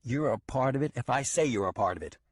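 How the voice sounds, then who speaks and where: A man voicing a big, gruff outlaw who bullies and taunts, snarling his lines in an audiobook. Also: medium pitch, expressive, quick pace, dry recording, clean studio sound, voice pushed up, natural voice. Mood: taunting.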